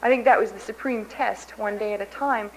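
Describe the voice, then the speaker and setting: A woman's voice: mid-range voice, steady tone, brisk, slight background noise. A woman from Kansas giving a candid, self-mocking personal recovery testimony from a podium in a large convention hall. She laughs often at herself. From Kansas, USA. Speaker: main speaker at a recovery convention.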